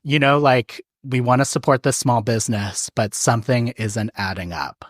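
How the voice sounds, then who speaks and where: A man who is a podcast guest gives his take in a relaxed, wry way, thinking out loud before he lands a joke. His voice sits at a middling pitch, and the room sounds dry and close. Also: normal speed, no echo. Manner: thoughtful, wry, gives opinions. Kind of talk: casual chat.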